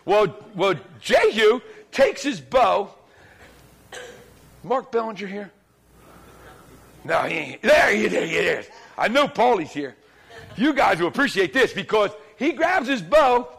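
Animated high-voiced male preacher. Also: slow pace, creaky, long pauses, slightly rough. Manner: animated, colloquial storytelling that acts out dialogue. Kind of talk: sermon. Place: church, speaking before a congregation.

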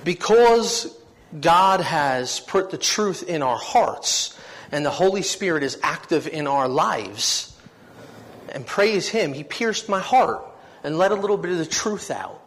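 This preacher speaks slowly but animatedly in a fairly high, slightly bright voice, with a little background noise. He recounts his own story as testimony in a sermon that's sincere, heartfelt and swelling with feeling.

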